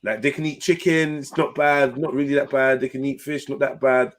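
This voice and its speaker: A man's voice: medium pitch, fairly even intonation, brisk. A young man, chatting casually on a live panel and telling stories in slang with laughs and swearing. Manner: laid-back slangy storytelling, swearing, laughing. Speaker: host.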